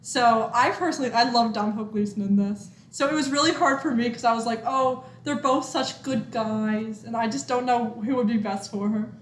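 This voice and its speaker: A higher-pitched woman co-hosting a podcast in easy chat, giggly and teasing. Her voice rings in an echoey room over a faint background hiss. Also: brisk, hardly any pauses. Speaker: co-host of a movie podcast. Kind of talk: casual chat.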